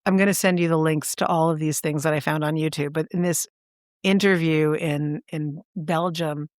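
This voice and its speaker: A woman with a lowish voice tells a story in casual chat, eager and animated. She jumps up in pitch to stress her words. The recording is dry and close. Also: normal speed, no room sound. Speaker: podcast co-host.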